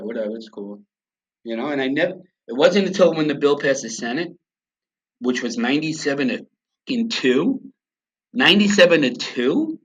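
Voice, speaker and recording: A man, a podcast guest telling his story in a blunt, profane, emphatic way. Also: mid-range voice. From New York. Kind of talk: storytelling in a conversational interview. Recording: slightly dull lo-fi sound.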